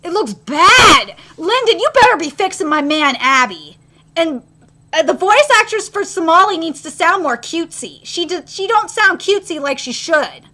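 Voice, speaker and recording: A young woman reacts live to an anime episode at a moderate pace, excitable and freely profane. One moment she squeals loudly, the next she grumbles low.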